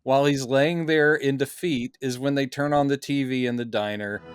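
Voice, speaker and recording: A man co-hosting a podcast and breaking down a film scene, acting out movie lines in quick put-on voices. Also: mid-range voice, steady tone, loud music behind the voice. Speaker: podcast co-host. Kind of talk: casual film discussion.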